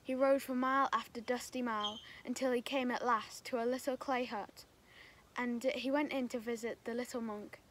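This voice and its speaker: A woman reading a story aloud for children at a church kids' group, slow and gentle. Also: on the high side, fairly even intonation, slight background noise.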